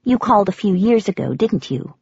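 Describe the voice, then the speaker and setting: A woman voicing a brisk, efficient American woman working as an agency clerk, with a nasal voice and an American accent. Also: medium pitch, lively intonation, creaky, a little mellow, husky, dry recording, lo-fi sound, exaggerated voice. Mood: efficient, chatty.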